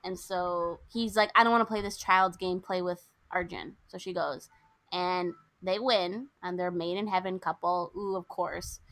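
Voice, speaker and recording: A young American woman co-hosting a podcast, retelling a movie's plot in a lively, indignant way. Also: on the low side, normal speed. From United States. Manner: animated, indignant storytelling with quoted lines. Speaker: podcast co-host. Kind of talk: casual movie recap chat.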